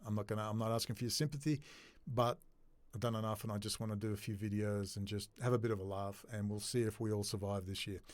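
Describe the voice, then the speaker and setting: A man's voice: lowish voice, steady tone, fast, no room sound. A man talking straight to his camera in a ranting monologue, agitated and swearing. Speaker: video blogger.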